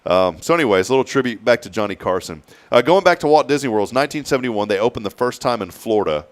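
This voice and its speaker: A man's voice: medium pitch, quick pace. A middle-aged man hosting a casual morning show, chatting and telling stories with acted-out quotes. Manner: animated storyteller, acts out quotes. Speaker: radio show host.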